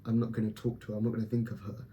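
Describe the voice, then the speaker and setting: A man's voice: on the low side, completely flat delivery, very fast, warm tone, a little hiss or hum. A young man talking candidly to camera in a personal vlog, blunt and swearing as he gives himself and his viewers a pep talk. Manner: blunt, profane, self-motivating pep talk. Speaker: vlogger.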